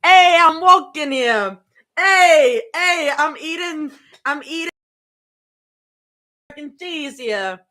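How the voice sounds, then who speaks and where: A woman's voice: high-pitched, expressive, takes it slowly, pauses often, sharp tone, pitched above the performer's own voice, heavily acted. A woman putting on a brash male New York passerby with a shaky mock New York accent.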